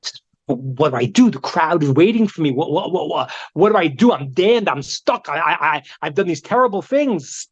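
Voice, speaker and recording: A man's voice: on the high side, lively intonation, normal speed, breathy edge, dull audio. A man voicing a frightened bishop who stammers in panic, in a told story. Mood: panicked whisper. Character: panicked old male bishop.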